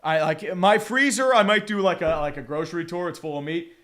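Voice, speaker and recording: A man's voice: high voice, fairly quick, a bit bright. A man hosting a live game watch-along, rambling casually with viewers, swearing freely and slipping into his own play-by-play calls. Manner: rambling, profane, chatty with viewers.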